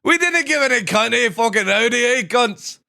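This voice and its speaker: A man doing a brash, rowdy Scottish host, his voice pushed well above his usual pitch and often rising to a shout. The broad Scottish accent is thick and gleeful, with loud, swaggering live-stream banter. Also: expressive, normal speed, vocal fry, heavily acted. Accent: put-on broad Scottish. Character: rowdy, foul-mouthed Scottish male show host.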